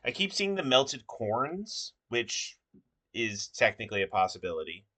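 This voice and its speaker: A man thinking aloud while he builds a word puzzle, muttering with many pauses and fillers. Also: mid-range voice, sing-song, pushed and bright, no room sound. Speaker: puzzle maker. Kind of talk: casual think-aloud commentary.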